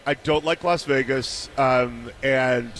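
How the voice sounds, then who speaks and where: A man appearing as a guest sports writer on a radio show, telling wry, animated stories with halting restarts. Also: mid-range voice, slight background noise. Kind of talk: casual chat. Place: broadcast booth on a convention radio row.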